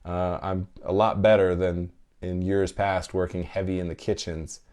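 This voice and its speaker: A man's voice: low voice, little pitch movement, moderate pace, a little mellow. A man in his thirties hosting a podcast, chatting candidly and emotionally while reading listener comments, swearing freely. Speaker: podcast host. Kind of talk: casual live chat reading listener comments.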